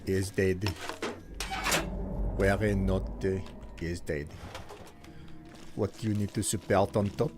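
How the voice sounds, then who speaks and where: Over loud music, a man streams a video game and comments on it in a put-on French-German accent, his delivery stiff, formal and playful. His voice is low and steady, and he takes it slowly, leaving long pauses.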